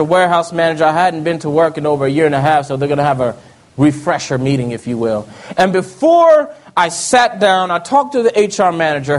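A man telling a personal testimony in an earnest storytelling way, often dropping to soft low tones. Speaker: speaker giving testimony.

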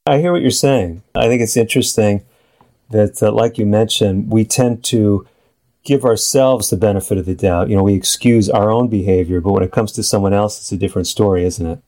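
Man, interview host, lower voice, measured, reflective. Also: mellow. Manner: measured, reflective, sums up the guest's points. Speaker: radio talk show host. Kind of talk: interview hosting.

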